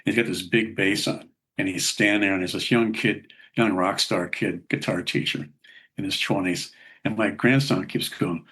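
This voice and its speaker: A man's voice: on the low side, fairly even intonation, normal speed, fairly bright tone, breathy edge. An older man, a musician guest in an interview, telling rambling anecdotes with a chuckle. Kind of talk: casual interview storytelling.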